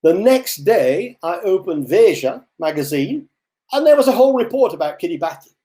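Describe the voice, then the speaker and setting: Older man giving a lively webinar talk. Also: high voice, normal speed. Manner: lively storytelling, animated asides. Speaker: author presenting a webinar.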